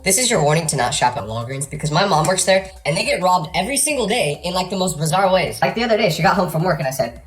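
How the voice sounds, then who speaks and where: A man's voice: fairly high pitch, fast talker, few pauses, breathy edge, faint music behind. A man telling funny stories from his life in a comedic storytime monologue, breaking into exaggerated outbursts. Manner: animated, jumps to exaggerated outbursts.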